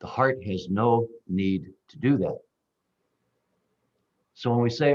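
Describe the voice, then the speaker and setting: A man giving a measured, playful reflection on a group call, leaning hard on key words. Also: mid-range voice, expressive, muffled recording. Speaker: call participant.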